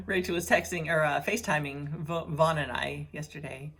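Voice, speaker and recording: Middle-aged woman, lowish voice, casual home video diary, rambling and chatty with easy laughs. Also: a little slow, a bit bright, husky. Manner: chatty and rambling, laughs often, coos at her pets. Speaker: vlogger. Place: at home indoors.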